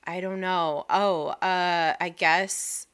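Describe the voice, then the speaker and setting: A woman's voice: on the low side, fairly even intonation, slow, a bit bright, clear, resonant tone. A pregnant woman co-hosting a podcast, chatting casually and rambling with lots of fillers. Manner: chatty, rambling, laughs easily. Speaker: podcast co-host. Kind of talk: casual chat.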